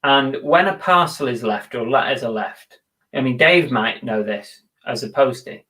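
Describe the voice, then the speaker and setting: A man's voice: mid-range voice, moderate pace, bright, forceful tone. A man co-hosting a live reselling show, chatting casually and poking fun at himself, swearing now and then. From England. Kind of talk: casual chat on a live stream.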